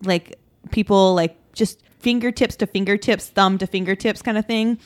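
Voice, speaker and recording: A woman's voice: medium pitch, steady tone, moderate pace. A young woman chatting casually and laid-back, with lots of fillers and swearing. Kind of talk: casual chat.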